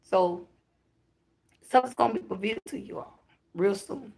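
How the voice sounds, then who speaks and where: Gravelly woman delivering a spiritual message. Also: mid-range voice, moderate pace, darkish tone. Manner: emphatic, repetitive declarations with casual profanity. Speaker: self-described high priestess giving a spiritual reading. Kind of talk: channeled spiritual message to viewers.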